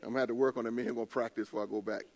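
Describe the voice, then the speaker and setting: A man's voice: mid-range voice, fairly even intonation, racing, gravelly. An older man preaching a casual sermon, telling stories in a loose colloquial way with laughing asides. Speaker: pastor. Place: church.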